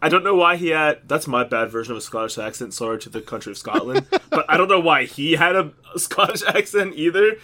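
A man's voice: on the high side, lively intonation, brisk, hardly any pauses, sharp tone, a little hiss or hum. A man co-hosting a podcast, telling rambling jokey stories in casual chat with lots of fillers. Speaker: podcast co-host.

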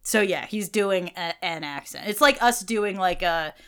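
A woman's voice: on the low side, clear, resonant tone. Chatty woman podcast co-host. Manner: animated, fillers, quick opinions, laughs often. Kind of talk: casual chat about a TV show.

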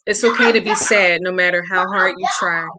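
A woman author reading her children's picture book aloud in a gentle storybook manner. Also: on the low side, steady tone, brisk. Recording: loud background noise.

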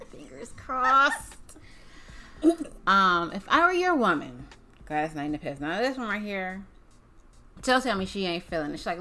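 A woman's voice: medium pitch, sing-song, measured pace, pauses often, bright, forceful tone. A woman co-hosting a casual music chat, playful and laughing, often acting out song lyrics in voices. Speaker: co-host.

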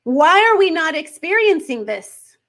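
High-voiced, unhurried woman podcast host. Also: big pitch swings, a bit bright. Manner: earnest, questioning, with emphatic slow stretches. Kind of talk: faith podcast talk.

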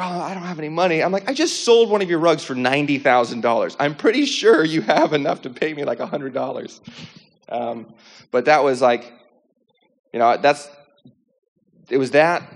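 Young man telling his testimony, animated. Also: medium pitch. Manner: animated, rambling with many fillers and restarts. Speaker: speaker sharing a testimony. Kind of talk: personal testimony, casual storytelling.

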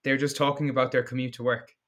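A man's voice: mid-range voice, flat delivery, quick pace, a bit bright. An Irish man, a fitness content creator, talking casually as a podcast guest, blunt and joking, swearing freely. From Ireland.

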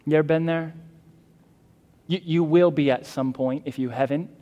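An earnest male pastor preaching with a fairly high voice, pressing his points and restarting phrases as he goes. His sermon rings with a long reverb in the church hall. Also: fairly even intonation, moderate pace, dark tone, lo-fi sound. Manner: earnest, emphatic, with fillers and restarts.

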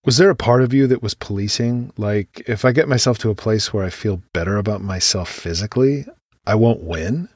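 A man's voice: lowish voice, brisk, breathy edge, dry recording, clean studio sound. Thoughtful male interviewer. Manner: thoughtful, reflective questioning. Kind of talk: probing interview questions.

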